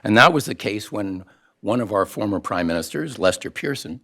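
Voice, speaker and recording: A man's voice: lowish voice, expressive, normal speed, bright, forceful tone. A man from Canada, older, heading a think tank and giving a formal launch speech to an audience, with dry wit and frequent "uh" fillers. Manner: dry wit, many uh fillers, quoted lines acted out. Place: event room with an audience.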